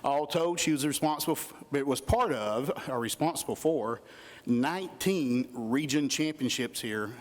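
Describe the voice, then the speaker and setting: A man's voice: medium pitch, expressive, normal speed. A middle-aged man gives a heartfelt induction speech as a coach. He speaks into a podium microphone in a school hall, building emphasis as he lists achievements. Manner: earnest, listing achievements with rising emphasis. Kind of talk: emotional ceremony speech.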